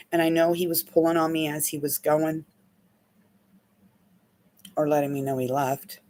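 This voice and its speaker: A middle-aged woman with a slightly low voice teaches as a healing coach. She talks casually and candidly, drifting through emotional personal stories. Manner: candid, rambling, emotional storytelling.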